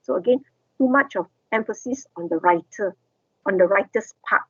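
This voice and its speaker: A woman's voice: on the high side, animated, a little fast, a bit bright, breathy edge, no room sound, lo-fi sound. A woman lecturer, explaining step by step and asking the class questions.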